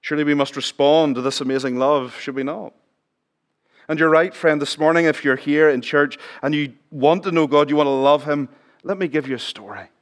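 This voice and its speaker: A middle-aged man preaching a sermon in church, chatting with the congregation, asking them questions and dropping his voice low for emphasis. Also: a little fast. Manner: conversational, asks the congregation questions, drops to near whisper for emphasis. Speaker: pastor.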